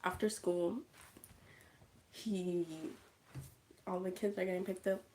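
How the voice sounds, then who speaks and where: A woman casually recapping a movie on her livestream, chatty and animated, acting out scenes and dropping into whispers. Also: lowish voice, slow, a little hiss or hum.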